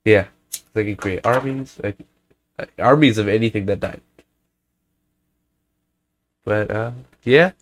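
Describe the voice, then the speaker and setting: A man's voice: fairly low pitch, a little slow, pauses often. A young man co-hosting a casual podcast while sick, coughing and sniffling, talking in a rambling, playful way. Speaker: podcast co-host. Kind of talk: casual chat.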